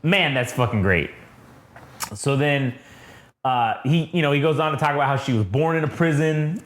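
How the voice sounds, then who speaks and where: A man co-hosting a casual comics review podcast, animated and profane as he retells scenes. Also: a little high, moderate pace. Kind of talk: casual chat.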